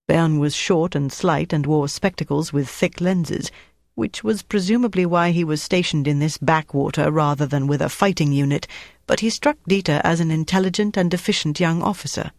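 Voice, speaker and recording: An audiobook narrator reading a novel in a steady, even storytelling voice. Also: medium pitch, normal speed, vocal fry, no echo, clean studio sound. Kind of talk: scripted narration.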